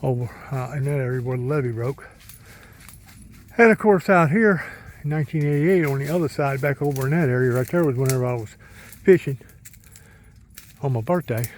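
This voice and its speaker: Walking near a pond in the country, a middle-aged man vlogs casually, rambling in homespun fashion and addressing his dog. His voice is medium-pitched and fairly quick.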